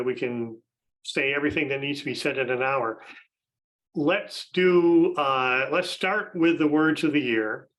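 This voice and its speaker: A man's voice: medium pitch, fairly bright tone, low-quality recording. A man hosting a podcast, casually introducing a panel of guests, chatty with frequent fillers and restarts. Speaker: podcast host.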